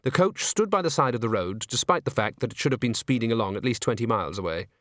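Expressive male audiobook narrator. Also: medium pitch, fast, no room sound, clean studio sound. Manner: expressive storytelling. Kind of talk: scripted narration.

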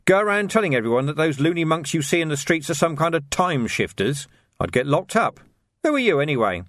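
A gruff, worn-out watch commander, as a male narrator voices him, snapping in irritable bursts. The voice rises a little above the narration and stays lively. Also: a little high, brisk, no echo, studio quality, pitched above the performer's own voice. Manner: irritable, forceful outbursts.

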